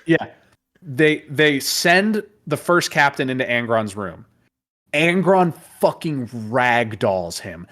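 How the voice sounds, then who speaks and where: A man hosting a casual chat, retelling lore in an animated, profane way and laughing often. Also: medium pitch, takes it slowly. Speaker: host.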